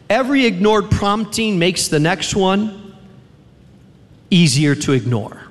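A man preaching a sermon in a chapel, emphatic, with repeated refrains and dramatic pauses. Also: high-pitched, lively intonation. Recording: long reverb of a large hall.

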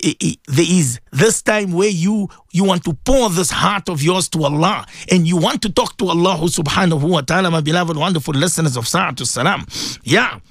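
A middle-aged man from South Africa presenting a radio show, chatting warmly with listeners and reading out their messages with frequent laughs. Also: fairly high pitch, normal speed, dry recording, clean studio sound. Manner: chatty, affectionate, laughs often.

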